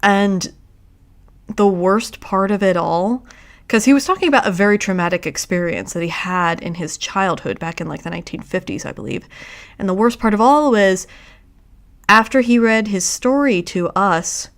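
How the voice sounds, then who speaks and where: A woman hosting a casual livestream, talking in a halting, reflective way with frequent restarts. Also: medium pitch. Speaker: streamer host.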